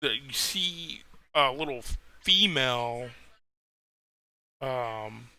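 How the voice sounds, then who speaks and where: A man's voice: medium pitch, expressive, extremely slow, vocal fry, bright, forceful tone, no room sound. A man narrating as game master of a tabletop game, rambling, with many fillers and restarts.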